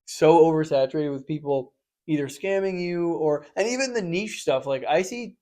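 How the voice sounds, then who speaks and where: A young man co-hosting a podcast in casual chat, rambling and animated, acting out quotes in loud voices. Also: a little high, moderate pace. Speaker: podcast co-host.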